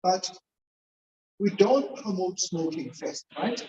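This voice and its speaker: A woman's voice: on the low side, lively intonation, takes it slowly, warm tone. A woman speaking informally to a church congregation, often quizzing her listeners. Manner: chatty, keeps quizzing the congregation. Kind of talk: informal sermon-style talk. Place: church hall. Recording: echoey, dull, distant church recording.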